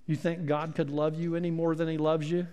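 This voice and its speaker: A middle-aged man preaching a sermon, emphatic, asking rhetorical questions and pausing for effect. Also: on the high side, level tone, a little mellow, clean tone, big-room sound. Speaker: pastor.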